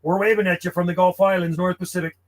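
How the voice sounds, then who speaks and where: High-voiced radio hobbyist. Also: male voice, flat delivery, fast talker, heavy background noise. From Canada. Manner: chatty, blunt, clears throat often. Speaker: CB radio operator. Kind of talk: casual radio chat and calling.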